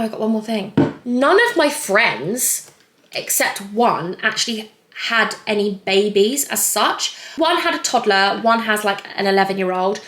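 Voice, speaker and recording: A woman's voice: medium pitch, fairly bright tone. A young pregnant woman chatting casually through a Q&A while doing her makeup, rambling and laughing often. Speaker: vlogger. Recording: echoey room.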